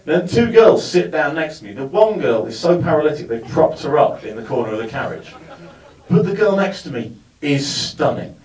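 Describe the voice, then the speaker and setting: A man performs stand-up, spinning a long anecdote with a wry, building delivery. His voice sits a little high. He is caught from a distance in a roomy, echoing venue. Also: big pitch swings, moderate pace, a little mellow. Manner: wry, storytelling, building to punchlines. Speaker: stand-up comedian. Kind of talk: stand-up comedy set. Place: live comedy venue with audience. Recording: roomy sound, mic far from speaker.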